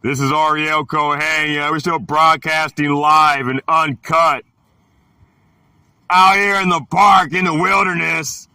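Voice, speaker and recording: A man's voice: a little high, fairly even intonation, gravelly, pushed and bright, no echo. A man reading scripture aloud and preaching live from a park, drawing out each phrase in a fervent, declaiming way. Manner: drawn-out, declaiming, fervent exhortation. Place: outdoors in a park.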